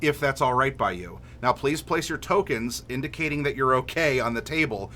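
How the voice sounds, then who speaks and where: A man's voice: medium pitch, animated, moderate pace, pushed and bright, a little hiss or hum. A man casually chatting on a livestream, reading viewer messages aloud and rambling with lots of filler words. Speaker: streamer reading chat.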